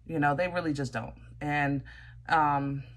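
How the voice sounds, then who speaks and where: A woman's voice: sits low, steady tone, a little slow. A woman giving a casual tarot reading, talking straight to her viewers in a chatty way, often stopping and restarting. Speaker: tarot reader.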